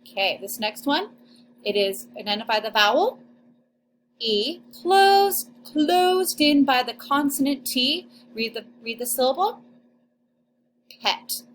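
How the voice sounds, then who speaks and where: A young adult woman with a fairly high voice leads a recorded phonics lesson for second graders. She sounds out each vowel and syllable slowly, stretching the sounds for small children. A faint hiss of noise sits under her voice. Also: lively intonation. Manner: slow, exaggerated sounding-out of syllables.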